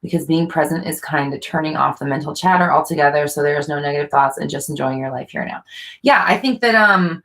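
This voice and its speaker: A woman answering viewer questions as a coach, with a slightly lower voice. She talks casually and earnestly, repeating phrases and thinking aloud with fillers. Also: fast, fairly bright tone. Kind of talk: casual advice talk.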